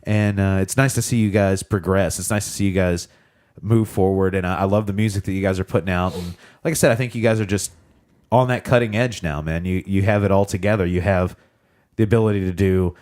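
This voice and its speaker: A man's voice: deep voice, darkish tone. A young man hosting a podcast in loose, rambling casual chat, laughing often. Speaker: podcast host.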